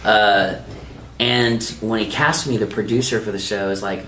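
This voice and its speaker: A male voice actor telling lively anecdotes in an interview, acting out the voices of people he quotes. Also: fairly low pitch, moderate pace, roomy sound, distant mic, a little hiss or hum. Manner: animated anecdote teller, acts out quoted dialogue. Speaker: voice actor guest. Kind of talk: storytelling interview. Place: anime convention.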